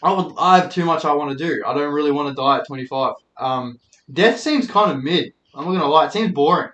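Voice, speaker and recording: A man's voice: a little high, brisk, fairly bright tone, roomy sound. A man in his twenties hosting his own podcast, rambling and swearing as he pokes fun at himself, talking into a handheld microphone. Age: 20s. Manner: rambling, sweary, self-deprecating. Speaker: podcast host. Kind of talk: casual solo podcast rant.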